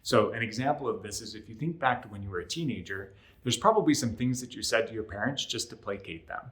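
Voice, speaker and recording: Man explaining calmly, tag-question habit. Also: on the low side, fast. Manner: conversational, often adds "right?"; acts out short example lines in other voices. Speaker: relationship counselor. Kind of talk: educational talk to camera.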